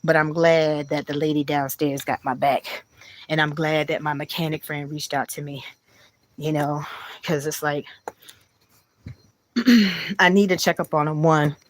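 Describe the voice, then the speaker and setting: A woman's voice: low voice, little pitch movement, a little slow, long pauses. A woman hosting a live stream, chatting casually and emotionally with her viewers and giving prayerful thanks. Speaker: livestream host.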